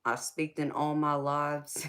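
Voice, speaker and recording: A woman with a Southern American accent, chatting sassily with viewers on a tarot livestream and calling them baby. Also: rumbling low. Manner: sassy, drawling, calls viewers baby. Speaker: tarot reader hosting a livestream. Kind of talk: casual livestream chat with viewers.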